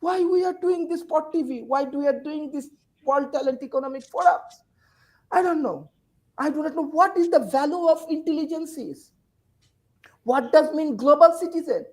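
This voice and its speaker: A woman's voice: high-pitched, normal speed, darkish tone, rough recording. A woman from Bangladesh, a university teacher speaking, gives an emotional, urgent panel speech full of repeated phrases and rhetorical questions. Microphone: video call.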